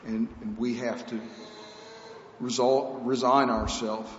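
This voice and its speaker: Earnest preacher in an echoey hall. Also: male voice, medium pitch, level tone, slow pace. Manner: earnest, emphatic, conversational preaching with repetitions. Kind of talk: sermon. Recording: echoey hall, dull lo-fi sound, faint hiss.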